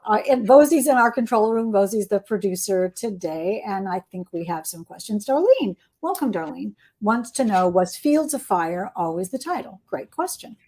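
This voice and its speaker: A woman hosting a livestream interview with an author. She speaks enthusiastically and heaps praise. Her voice is of middle pitch. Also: animated, normal speed, hardly any pauses, dark tone. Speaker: host and interviewer.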